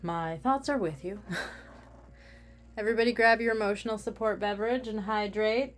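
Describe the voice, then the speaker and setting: A woman's voice: mid-range voice, moderate pace. A woman craft vlogger chatting casually while she works, rambling with self-mocking humor.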